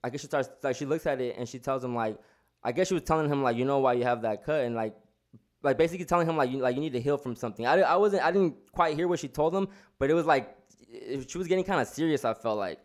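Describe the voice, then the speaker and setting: A man's voice: mid-range voice, quick pace. A man telling a story in casual chat, rambling with lots of slang and restarts.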